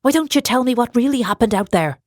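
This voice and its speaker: A woman voicing a mysterious tall Irish male stranger, asking quick, pointed questions in an audiobook. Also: on the high side, lively intonation, no echo, studio quality, pitched above the performer's own voice. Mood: probing.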